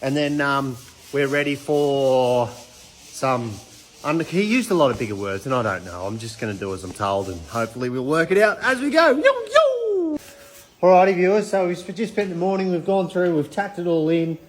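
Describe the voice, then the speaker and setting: A man's voice: on the high side, lively intonation, fairly quick. A man with an Australian accent, casually chatting upbeat to his viewers while working on a car in a panel repair workshop. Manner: upbeat, chatty, laid-back slang, yells playful calls. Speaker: vlogger. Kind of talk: casual chat.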